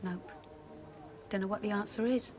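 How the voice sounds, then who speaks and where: A woman's voice: medium pitch, steady tone, normal speed, a little mellow, close to an everyday voice. An actress playing a brassy, wisecracking pub landlady in a 1980s TV soap, with a sardonic, dramatic manner. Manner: sardonic, dramatic, calls people darling. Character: brassy, wisecracking London landlady in emotional turmoil.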